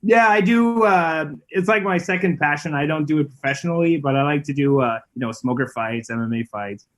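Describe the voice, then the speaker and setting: A man from Canada chats casually as a podcast guest. His voice sits a little high for a man, and he talks in a laid-back, halting way, full of fillers and restarts. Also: a bit bright. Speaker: guest musician.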